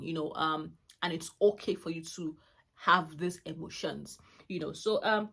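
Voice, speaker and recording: This mother in her forties hosts a channel and talks casually to camera about raising kids. Her mid-range voice moves at normal speed, and she comes across as warm-hearted and chatty, often restarting sentences and filling pauses.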